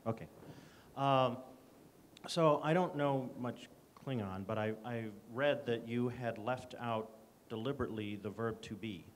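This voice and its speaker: A man's voice: medium pitch, measured pace. A man in the audience asking a panel guest a question, hesitant at first and then pointed.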